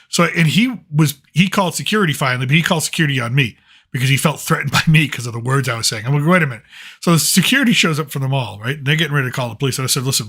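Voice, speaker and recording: An agitated man telling a story. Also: on the high side. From United States. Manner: animated, agitated retelling with frequent restarts. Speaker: channel host. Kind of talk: casual storytelling monologue.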